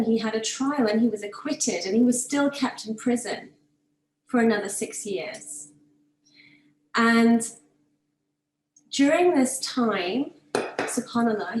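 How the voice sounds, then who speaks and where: Higher-voiced woman in an echoey room. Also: darkish tone. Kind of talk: casual storytelling.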